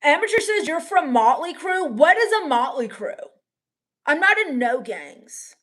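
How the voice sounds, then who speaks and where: A young woman streaming in character, deadpan and sulky, sarcastically complaining while reading chat comments aloud. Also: high-pitched, unhurried. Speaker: comedic livestreamer reading chat. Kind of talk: in-character comedy livestream.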